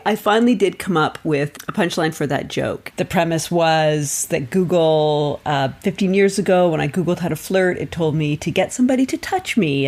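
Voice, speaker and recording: A middle-aged woman comedian talks casually on her podcast in a fairly low voice. She rambles, pokes fun at herself and breaks into laughter often. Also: a little mellow. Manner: chatty, rambling and self-deprecating, laughs often.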